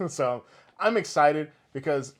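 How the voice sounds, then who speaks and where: A man's voice: fairly high pitch, slow pace. A young man co-hosting a casual gaming podcast, telling stories with lots of swearing and big laughs. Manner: animated, swearing, laughing storyteller. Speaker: podcast co-host.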